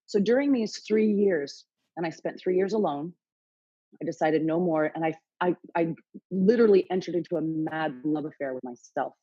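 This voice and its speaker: A woman's voice: fairly low pitch, normal speed, dark tone, slightly rough, no room sound, lo-fi sound. A woman in her late forties, a podcast guest telling her story frankly, swearing freely and acting out her own inner dialogue. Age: late 40s. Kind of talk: candid interview storytelling.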